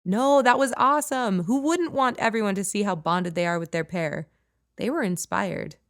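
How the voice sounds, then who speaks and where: A woman's voice: medium pitch, moderate pace, no echo, studio quality, natural voice. A woman doing a teasing, nosy friend. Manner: playful, blunt, lightly sarcastic.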